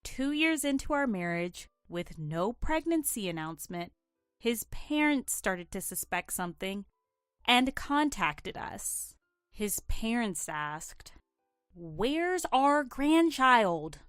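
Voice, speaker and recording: A woman narrating a first-person drama story in an earnest, emotional, measured way. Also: medium pitch, sing-song, clean tone, dry recording, clean studio sound, soft background music.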